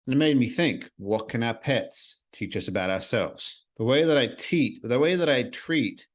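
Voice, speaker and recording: A man's voice: mid-range voice, animated, moderate pace. A man hosting a solo podcast, talking earnestly and reflectively in a casual way, with the odd swear word. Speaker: podcast host.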